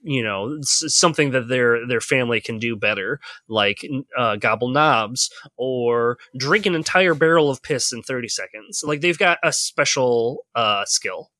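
Bright-voiced man running a game. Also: mid-range voice, animated, no room sound. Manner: rambling, halting with fillers. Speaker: game master. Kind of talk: casual chat explaining game setup.

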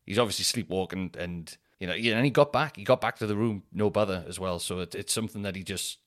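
A man hosting a podcast, telling a casual anecdote in a rambling way, with quick restarts and acted-out quotes. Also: low voice. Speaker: podcast host.

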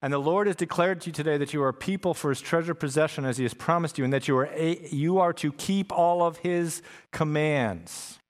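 A man's voice: fairly high pitch, brisk. Conversational man preaching a sermon. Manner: conversational, repeats phrases for emphasis. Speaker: pastor. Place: church sanctuary with congregation.

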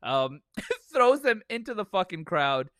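A man's voice: sits high, unhurried, no echo. A man co-hosting a podcast in casual chat, laughing often and swearing heavily as he tells stories. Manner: laughing often, heavy swearing, animated storytelling. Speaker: podcast co-host.

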